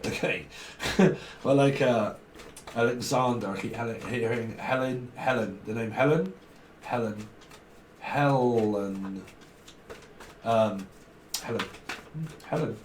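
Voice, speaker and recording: A man's voice: mid-range voice, slow, pauses often. A British man giving a rambling, casual tarot reading, joking and laughing often, slipping into slang. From Britain. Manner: chatty, jokey, laughs often, slips into slang and mock voices. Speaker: tarot reader. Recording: echoey room, distant mic, faint noise.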